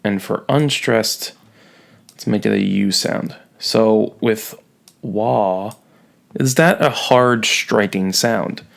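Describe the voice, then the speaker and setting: A male teacher giving a recorded lecture in a low, gravelly voice. He talks slowly and playfully, stretching out the words he wants to land. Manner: playful, jokey, drawn-out emphasis on key words.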